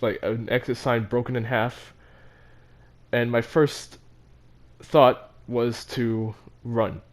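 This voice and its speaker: A teenage boy telling a story about his school in a casual, rambling, self-mocking way, with many fillers and restarts. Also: mid-range voice. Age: teens. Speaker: vlogger.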